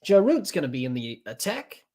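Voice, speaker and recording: Man calling cricket, casual and halting. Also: a little high, huge pitch swings, dark tone. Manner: unscripted, halting with fillers and restarts. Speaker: podcast host doing live match commentary. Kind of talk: casual play-by-play cricket commentary.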